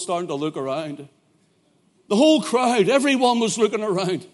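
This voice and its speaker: A man's voice: high voice, big pitch swings, moderate pace. Fervent Northern Irish preacher man. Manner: fervent, swinging from hushed storytelling to loud shouting. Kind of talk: sermon.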